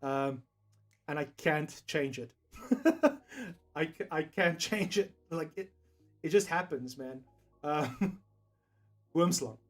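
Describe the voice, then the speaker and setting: A man's voice: a little high, animated, slow, pauses often. A young man with a South African accent chatting casually on a livestream, rambling, laughing often and swearing freely. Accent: South African English. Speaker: streamer.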